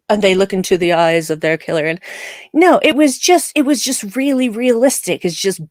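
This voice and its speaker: A woman in casual chat on a live discussion show, animated and acting out quoted lines. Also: lowish voice, moderate pace, no room sound, clean studio sound.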